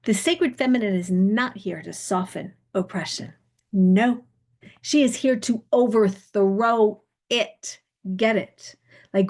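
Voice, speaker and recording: Woman pastor preaching real slow, dreamy chant-like repeats, goes soft and near-whispery a lot. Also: medium pitch, slightly rough. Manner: slow, meditative, incantatory with repeated phrases. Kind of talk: spiritual sermon.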